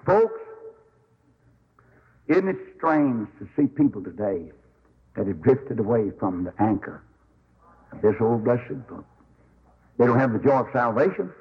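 A man preaching a sermon as a Baptist preacher, telling stories in a folksy, animated way with sudden high swoops. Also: unhurried, long pauses, slightly rough, muffled recording.

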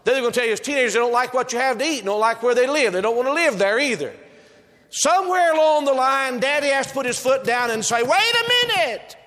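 A man's voice: very high voice, very fast, hardly any pauses, a bit bright. A male preacher delivering a sermon with an emphatic, repetitive preaching cadence, recorded in a church sanctuary. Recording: reverberant hall.

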